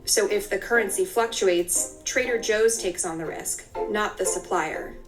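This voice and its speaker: A woman reading scripted news narration in a steady, clear delivery. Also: mid-range voice, a little slow, over music.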